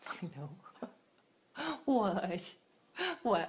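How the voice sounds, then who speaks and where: A woman's voice: lowish voice, lively intonation, very slow, a little mellow. A woman cooing at her dog in concerned baby talk. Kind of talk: talking to a pet.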